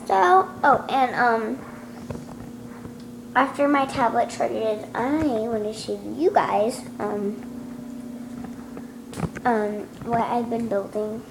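Speaking slowly and pausing often, this woman with a voice on the high side chats casually to her camera at home. Her vlog is rambling and hesitant, packed with ums and false starts, and background noise comes through clearly.

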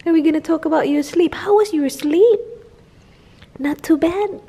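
A woman's voice: extremely high pitch, normal speed, dark tone. A woman with a Filipino accent, a mother filming a casual home vlog who coos and chatters to her baby in a mix of Tagalog and English. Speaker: vlogger and mother. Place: home, indoors.

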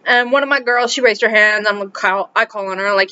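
A woman who teaches high school English, from South America, telling a story in a casual vlog, animated and exasperated, dropping to muttered asides. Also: brisk, hardly any pauses. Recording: dull lo-fi recording.

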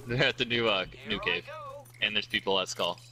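A man's voice: lowish voice, a little fast. Man streamer joking through a game. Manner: loose, joking callouts. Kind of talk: casual gaming chat with teammates. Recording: noisy with game sounds behind.

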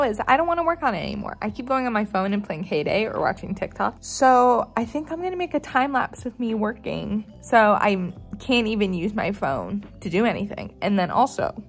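A woman's voice: on the high side, expressive, brisk, hardly any pauses, faint music behind. A college student in her early twenties, vlogging into a phone held at arm's length and venting with lots of swearing. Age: early 20s. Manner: frustrated ranting, swears often. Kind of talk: casual vlog to camera. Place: her car, then her apartment.

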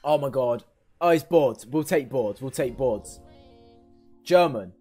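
A man, commenting excitably as he opens football game packs for his stream viewers and yelling at big pulls. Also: mid-range voice, measured pace, husky, faint music behind. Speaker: gaming streamer. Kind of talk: excitable pack-opening commentary.

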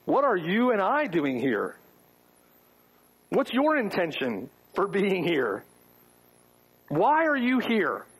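A man's voice: sits high, huge pitch swings, slow, long pauses, a bit bright, breathy edge, low-quality recording. A man preaching a sermon to his congregation, firing off rhetorical questions with wry asides. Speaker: pastor. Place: church.

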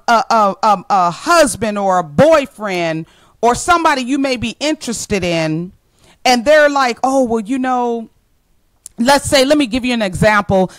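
A woman's voice: on the high side, fairly bright tone, no room sound, poor audio. A woman in her forties giving an earnest motivational talk straight to her listeners, stressing points by repeating them. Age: 40s. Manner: emphatic, repeats key phrases for stress; addresses listeners as ladies, earnest and plainspoken. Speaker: motivational speaker. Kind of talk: direct-to-camera motivational talk.

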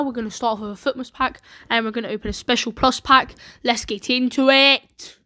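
Excitable woman. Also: on the high side, fairly quick, hardly any pauses. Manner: chatty and excitable, with sudden shrieks. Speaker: channel host. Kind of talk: casual pack-opening commentary.

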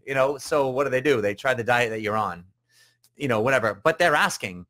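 A man's voice: animated, fairly quick, pushed and bright. A man hosting a live business coaching show, talking casually and rambling, with many fillers and restarts, and acting out quoted people in raised voices. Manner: acts out quoted voices with jumps in pitch.

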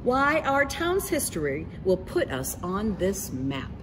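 A woman's voice: medium pitch, wildly swooping pitch, slow, background noise. A woman voicing a blustering, pompous male town mayor in a picture book read-aloud, huffy and snorting. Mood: dismissive.

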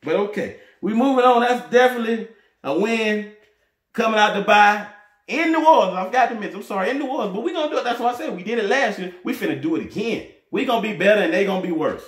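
A man rattles off boastful fan predictions in a high voice. He laughs and shouts when he gets fired up. The room around him is echoey. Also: expressive, fast. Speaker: sports fan vlogger. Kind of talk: casual fan commentary to camera.

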